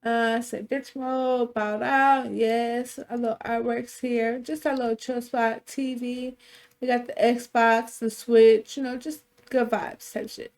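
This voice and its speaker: A woman's voice: on the high side, little pitch movement, takes it slowly, darkish tone. A young woman casually narrating a life-sim game story, loose and chatty, with offhand swearing. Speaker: gameplay storyteller.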